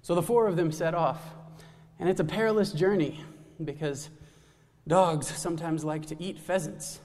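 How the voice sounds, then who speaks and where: A man's voice: on the high side, normal speed, a little mellow. A man casually retelling a folktale, loose and chatty with restarts and asides. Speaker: storyteller. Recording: long hall reverb.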